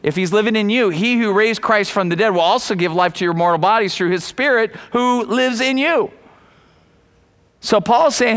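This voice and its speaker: A male preacher delivering a sermon with a bright, high voice. He talks emphatically, hammering key phrases again and again and calling out to the congregation. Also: moderate pace. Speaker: pastor.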